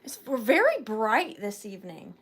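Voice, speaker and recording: A woman's voice: fairly high pitch, big pitch swings, moderate pace, a bit bright, husky. A sleepy woman with a Southern US accent hosting a live sale stream, chatting casually and greeting viewers by name, sometimes dropping to a whisper.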